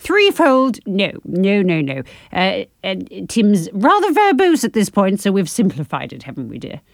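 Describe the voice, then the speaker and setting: A woman's voice: medium pitch, wildly swooping pitch, normal speed, no echo, studio quality. A woman co-hosting a comedic advice podcast, with a playful, teasing and bossy manner. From United Kingdom. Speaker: podcast co-host.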